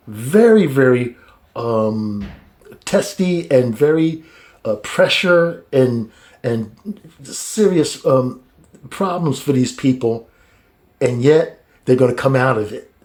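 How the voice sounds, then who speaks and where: A man teaching a casual Bible study in a colloquial, halting way, with many restarts and chuckles between points. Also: mid-range voice, a little mellow.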